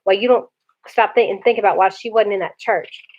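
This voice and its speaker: A woman reading aloud, voicing a gruff older teenage brother who is blunt but protective. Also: medium pitch, brisk, natural voice. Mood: scolding. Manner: blunt, scolding. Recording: dull lo-fi recording.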